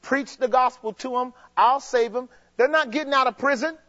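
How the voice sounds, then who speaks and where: A man preaching a sermon in an emphatic, repetitive way that builds to shouts. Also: very high-pitched, moderate pace. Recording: dull lo-fi sound.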